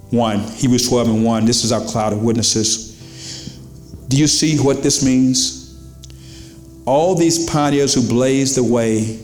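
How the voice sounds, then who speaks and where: In a church sanctuary, a pastor preaches to his congregation with a medium-pitched, somewhat mellow male voice and a roomy sound. His sermon is conversational, posing questions to the crowd and quoting voices.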